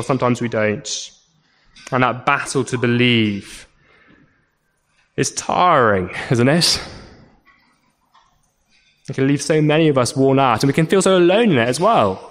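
Man, preacher, sermon, earnest, stumbling repeats, tag questions, mid-pitched voice.

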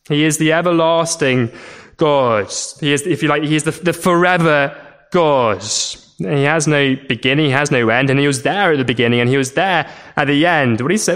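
Earnest preacher man, halting speech. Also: on the high side. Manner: earnest, repeats and stumbles over words, rhetorical tag questions. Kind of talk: sermon.

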